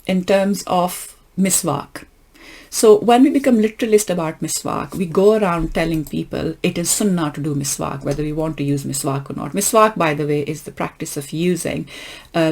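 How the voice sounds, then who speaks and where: A middle-aged woman giving an earnest explanatory lecture, slowing down to stress key points. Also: low-pitched, a little mellow. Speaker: lecturer on Islamic thought.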